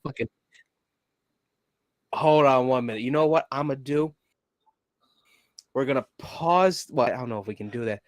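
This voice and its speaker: A man's voice: mid-range voice, normal speed, pauses often, no room sound. A man hosting a casual gaming livestream, swearing freely and laughing often as he reacts to game trailers and fights his computer. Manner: profane, laughs often, grumbles at tech trouble.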